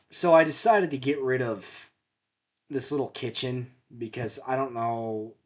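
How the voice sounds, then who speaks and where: A man talks through a game he is playing in a loose, rambling way. He drifts into muttered asides, and he is making a point of speaking up louder than his normal voice. His pitch sits in an ordinary middle range for a man. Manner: deliberately talking louder than usual. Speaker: gameplay video host. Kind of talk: casual gameplay commentary.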